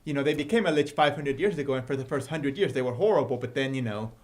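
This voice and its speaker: A man's voice: mid-range voice, fast talker. A man, a guest author, chatting casually on a livestream and laughing often as he tells stories. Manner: laughs often, animated storytelling.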